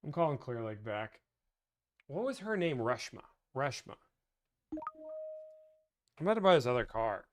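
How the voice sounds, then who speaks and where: A man hosting a live stream about negotiating car deals, chatting casually and thinking out loud with frequent restarts. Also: mid-range voice, very animated, normal speed, long pauses, dry recording. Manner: thinks aloud, rambling with restarts. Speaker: car deal negotiator and livestream host.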